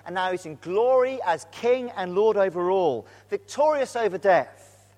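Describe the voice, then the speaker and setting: A man preaching with an earnest, animated delivery, now and then sinking to a near hush. His voice sits high for a man. It rings with the long reverb of a church hall. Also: measured pace. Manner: earnest, animated storytelling with sudden drops to a hush. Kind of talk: sermon.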